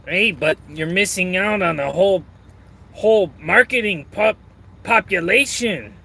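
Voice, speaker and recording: A man's voice: sits high, measured pace, gravelly, sharp tone, slightly rough, pitched above the performer's own voice, heavily acted. Janitor guy, blunt and casual, done by a man in a barely changed voice. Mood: pleading. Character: male janitor pitching a spicy snack idea.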